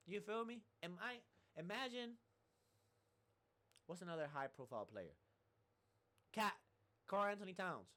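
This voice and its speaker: A man with a somewhat high-pitched voice rants casually about sports as a streamer. He rambles, repeats points and swears freely. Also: sing-song, normal speed, long pauses, sharp tone. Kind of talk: casual sports commentary rant.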